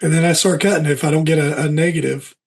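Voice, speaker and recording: A man's voice: fairly high pitch, steady tone, fast. A man playing a tabletop game with friends, playful and often laughing. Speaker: player. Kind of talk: casual tabletop play.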